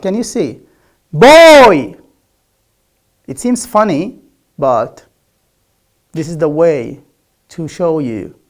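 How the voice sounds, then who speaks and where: A woman whose first language is Arabic teaches English pronunciation in an online lecture. She drills the sounds slowly and repeats each one aloud. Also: sits low, darkish tone. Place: remote class, speaking to a camera.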